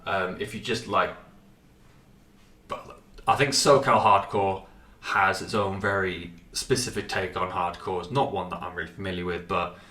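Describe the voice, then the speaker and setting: A man with a low, slightly bright voice hosts a podcast, recorded from a distant mic in an echoey room. His casual music review rambles and swears, full of fillers and restarts, and he has a runny nose.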